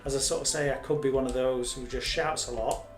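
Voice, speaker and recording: A man's voice: mid-range voice, steady tone, fairly quick, over music. A man casually chatting and rambling as host of a live game stream, joking at his own expense. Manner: chatty, rambling, self-mocking.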